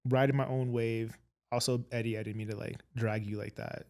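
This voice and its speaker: A man's voice: mid-range voice, flat delivery, fairly quick, darkish tone. Casual male podcast guest, mid-range voice, loose storytelling that slips into other people's lines. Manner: rambling storyteller, acts out quoted voices. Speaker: guest rapper.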